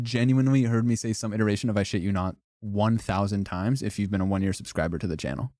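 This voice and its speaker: A man's voice: lowish voice, quick pace, hardly any pauses, warm tone, no room sound, studio quality. A man streaming live, ranking things in casual, profane, joking commentary and laughing often.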